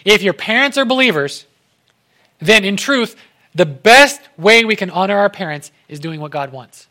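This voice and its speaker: A young male preacher with a high, bright voice gives a casual sermon. He talks in an animated way and slips into the voices of the people in his story. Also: moderate pace. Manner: animated, acts out quoted voices.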